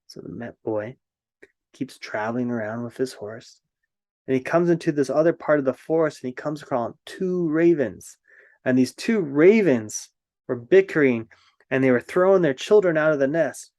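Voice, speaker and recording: A man tells an old fairy tale in a gentle, reflective manner, then muses on its meaning. His voice sits in a middle male register. The sound is dry and close, with no room echo. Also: medium pitch, expressive, moderate pace. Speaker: storyteller.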